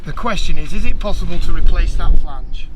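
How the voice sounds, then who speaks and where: A man's voice: a little high, animated, fairly quick, a bit bright. A man in a casual work conversation, hesitantly thinking aloud about a repair. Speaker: engineer helping with the refit. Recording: noisy outdoor recording.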